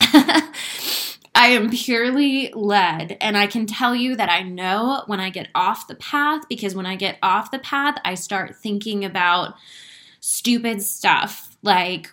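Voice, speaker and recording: A woman's voice: mid-range voice, measured pace, fairly bright tone. A woman giving an emotional, spiritual motivational talk to her viewers. She speaks with earnest conviction, swears freely and laughs through her emotion. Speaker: inspirational speaker.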